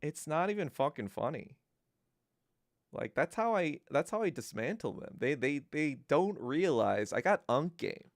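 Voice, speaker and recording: A man's voice: on the high side, measured pace, no echo, clean studio sound. A middle-aged male podcast host in a profane, mocking monologue, telling stories and ranting. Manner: profane, mocking, animated storytelling.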